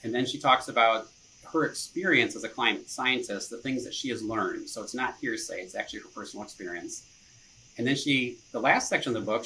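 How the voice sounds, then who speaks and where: A man with a bright, forward voice talks in a relaxed, conversational way. He chuckles easily and fills his thoughts with casual asides. There is a faint hiss of noise under him. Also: mid-range voice, rough recording. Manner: easygoing, chuckles often, leans on "you know". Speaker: marketing director, podcast guest. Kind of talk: casual interview chat.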